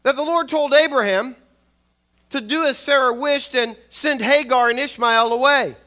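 Older man, preacher, sermon, high voice, bright tone, measured delivery, frequent restarts. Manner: measured, with repeated restarts and soft asides.

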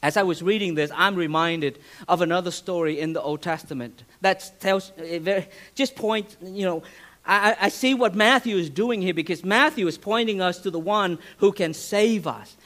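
A man's voice: high voice, moderate pace, a bit bright. A man preaching a sermon as a pastor, earnest, with restarts and a voice that rises and falls for emphasis.

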